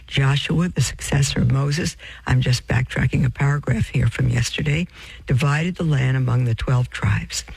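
Gravelly, husky-voiced male preacher. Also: mid-range voice, normal speed, dry recording, poor audio. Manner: addresses listeners as beloved, reads with off-script asides and self-corrections. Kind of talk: sermon reading from a text with asides.

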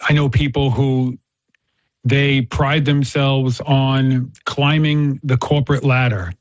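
A man's voice: mid-range voice, fairly even intonation, slow. A man talking earnestly about faith and telling a story, often repeating words as he restarts. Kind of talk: casual faith-based chat with storytelling. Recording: dull, slightly muffled sound.

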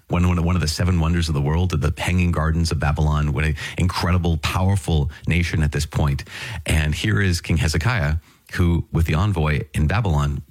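Man pastor, very low husky voice, dry close sound, easygoing teaching tone. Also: no room sound. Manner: conversational, with light laughs and restarts. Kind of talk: prayer and Bible reflection.

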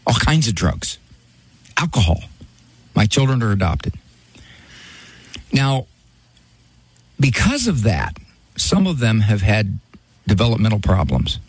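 A man's voice: fairly low pitch, slightly rough. A middle-aged American man hosting a Christian call-in radio show, folksy and pastoral, repeating the phone number. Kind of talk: casual call-in radio talk.

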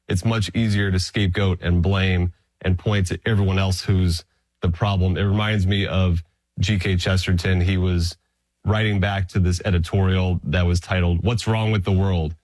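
A man's voice: low-pitched, fairly even intonation, moderate pace, darkish tone, dry recording. A man co-hosting a casual faith talk, playful and teasing between his serious points. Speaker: podcast co-host.

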